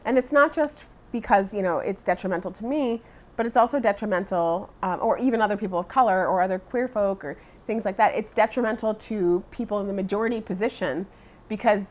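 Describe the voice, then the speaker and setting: A middle-aged woman speaking as an education advocate in an interview, measured, earnest and emphatic. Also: mid-range voice, a little mellow.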